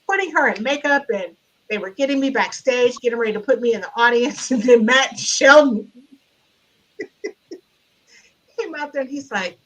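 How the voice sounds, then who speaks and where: A middle-aged woman tells a long personal story over a video call, in a rather high and very bright voice. She is animated, turning loud and laughing as the story builds. It sounds like a relaxed conversation rather than a speech. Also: normal speed, pauses often, rough recording. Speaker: guest speaker.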